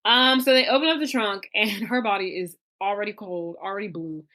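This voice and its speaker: This podcast co-host talks through a film recap in a relaxed, chatty way, bringing energy to it by acting out what the characters say. She has a mid-range voice, speaks a little fast, and the audio carries no room sound.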